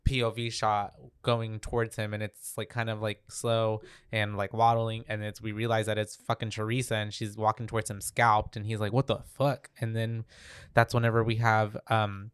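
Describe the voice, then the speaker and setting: A man's voice: fairly low pitch, completely flat delivery, normal speed, a bit bright, clear, resonant tone, no room sound, clean studio sound. A man co-hosting a podcast, recapping a horror film in rambling, filler-heavy casual chat. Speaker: podcast co-host.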